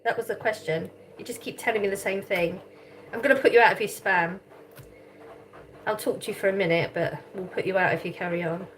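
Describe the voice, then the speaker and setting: A woman's voice: medium pitch, fairly even intonation, fairly quick, a little hiss or hum. A woman hosting a live chat stream, reading comments aloud and teasing people, with a lot of laughter. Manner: chatty, teasing, laughs often.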